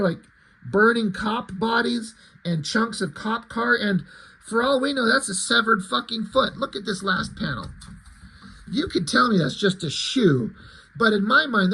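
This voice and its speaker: A man's voice: high-pitched, sharp tone, slightly rough. A man reviewing comics in casual, profane, self-deprecating commentary that rambles.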